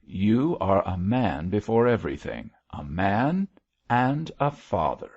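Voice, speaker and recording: A man's voice: lowish voice, sing-song, slow pace, a little mellow, breathy edge, muffled recording, pitched above the performer's own voice, full character voice. A man voicing a passionate, defiant middle-aged wife, speaking vehemently and emotionally.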